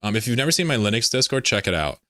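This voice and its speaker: A man's voice: medium pitch, very animated, racing, pushed and bright, no echo, clean studio sound. A man hosting a casual livestream, rambling, laughing often and reading chat messages aloud. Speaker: livestream host.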